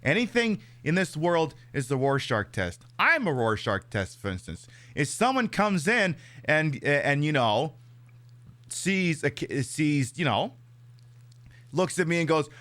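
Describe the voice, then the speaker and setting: A man streaming a video game and chatting with viewers in a sarcastic, profane, animated way. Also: fairly high pitch, a little slow. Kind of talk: casual live-stream chat.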